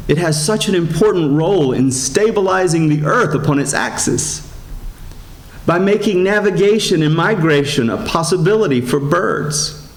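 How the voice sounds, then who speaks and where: A man, a priest giving a sermon in a gentle storytelling manner, slowing down and rising in pitch for emphasis. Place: church. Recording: echoey church sanctuary.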